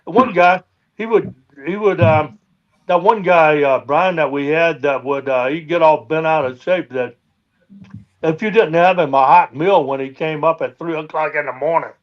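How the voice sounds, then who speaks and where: A man's voice: a little high, normal speed, lo-fi sound. A man, a guest on a live stream, telling boat stories in a rambling way with many fillers. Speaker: guest, dredge boat owner. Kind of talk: casual storytelling.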